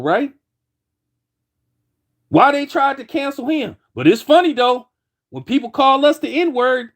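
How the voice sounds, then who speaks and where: A man giving a heated opinion commentary, repeating himself and restarting lines as he argues his point. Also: extremely high pitch. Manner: heated, repetitive, many restarts.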